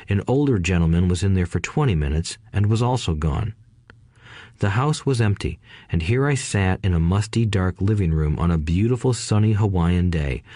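Reading scripted audiobook narration, a low-voiced male narrator keeps an even, steady delivery. The sound is close-miked and dry, free of any room ambience.

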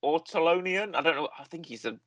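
A man's voice: on the high side, animated, fairly quick, dull audio. A man hosting a casual review conversation, talking in a rambling way and often correcting himself with fillers. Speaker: podcast host reviewing a series.

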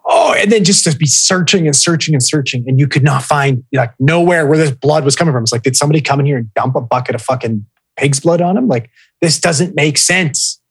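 A man's voice: fairly high pitch, fast, hardly any pauses, breathy edge, no room sound, rough recording. A man co-hosting a casual podcast, telling a story with lots of swearing and reading listener posts aloud. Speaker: podcast co-host.

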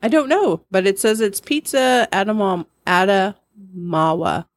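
A middle-aged woman co-hosts a podcast in a medium-pitched voice at a measured pace, chatting casually. She's giggly and rambling, laughing often, and the audio has no echo.

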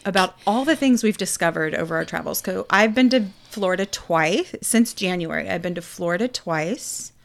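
A Texan woman co-hosting a casual chat, telling travel stories in a lively way and acting out what people said. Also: on the low side, normal speed, gravelly, few pauses. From Texas. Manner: animated storyteller, acts out quotes. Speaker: podcast co-host.

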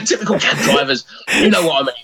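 A man, a comedian and taxi driver, telling animated stories as a podcast guest from a room at home. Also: high voice. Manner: animated, acts out the people in his stories. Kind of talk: comic storytelling. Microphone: home podcast mic.

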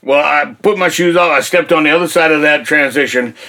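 An older man telling his faith testimony in a folksy, colloquial, animated way. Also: on the high side, fairly quick. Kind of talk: casual faith testimony storytelling.

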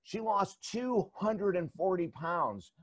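Emphatic, energetic male life coach. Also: sits high, slow, dry recording. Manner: energetic, emphatic, repeats words when starting sentences. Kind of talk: interview storytelling.

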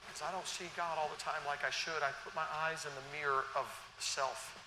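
A man with a high, very bright voice preaches a sermon in a church, swinging between hushed, earnest passages and loud, animated peaks. His voice carries a long hall reverb, with a faint hum of the room behind it. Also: a little fast. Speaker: pastor. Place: church sanctuary.

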